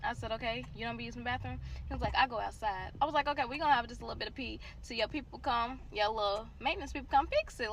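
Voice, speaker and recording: Young woman w/ aave spilling a dramatic story, kinda gravelly voice, faint noise behind. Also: a little high, very fast, few pauses. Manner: animated, dramatic, addresses listeners as y'all. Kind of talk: casual storytime.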